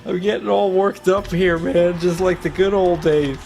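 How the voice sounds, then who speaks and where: Excitable, swearing male streamer. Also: high voice, moderate pace, creaky, soft background music. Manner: excitable, swearing, trash-talking the game. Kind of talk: profane live gameplay commentary.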